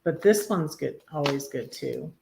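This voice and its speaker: A woman hosting a casual live stream, chatting with many ums and restarts and reading her own poems in a soft, tender way. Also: low-pitched, animated, a little slow, gravelly, heavy background noise. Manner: rambling, lots of ums and restarts. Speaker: livestream host reading poetry and devotions.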